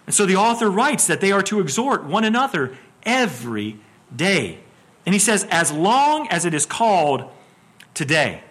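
Middle-aged guy preaching, kinda high bright voice, repeats words and throws questions at the crowd. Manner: repeats words when starting a phrase, asks the room questions. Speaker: pastor. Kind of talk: expository sermon.

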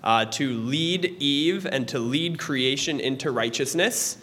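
A young man teaching a church class in a conversational way, pausing and correcting himself as he goes. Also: mid-range voice, a bit bright, a little hiss or hum. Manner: conversational, with pauses and restarts. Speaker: Sunday school teacher.

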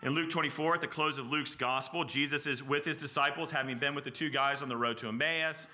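A male preacher with a bright, tense, slightly high voice, delivering an expository sermon. He talks in a lively, conversational way and acts out the quoted lines with small stumbles and laughs. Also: fast.

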